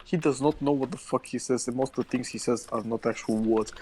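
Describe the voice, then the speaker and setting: A man's voice: medium pitch, steady tone, fast talker, a little mellow, a little hiss or hum. A young man co-hosting a podcast, telling stories bluntly with heavy swearing. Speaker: podcast co-host. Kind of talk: casual chat.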